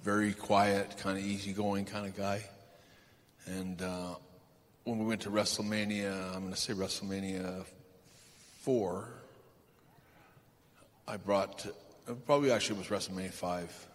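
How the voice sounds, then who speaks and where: A man being interviewed on a live stage, telling anecdotes in a rambling, halting way with lots of fillers and chuckles. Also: low voice, fairly even intonation. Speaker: guest. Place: large event hall stage. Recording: reverberant hall, faint ambience.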